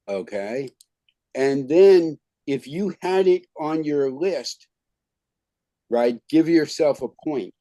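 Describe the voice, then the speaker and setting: Male trainer, slow delivery, warm mellow tone, dry close sound, video call, casual and chatty. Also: a little high, lively intonation, no echo. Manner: informal, fills talk with "okay" and "right". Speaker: skills trainer. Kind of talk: teaching an online class.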